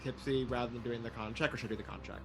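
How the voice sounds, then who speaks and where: A man playing a tabletop game, loud and excitable, swearing often. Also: medium pitch, rapid-fire, creaky. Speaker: player.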